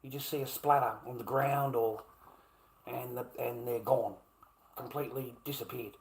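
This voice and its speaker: A man's voice: mid-range voice, fairly even intonation, normal speed, vocal fry, a little hiss or hum. A man delivering a heated, profane, repetitive rant in a monologue. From Australia. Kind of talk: ranting monologue.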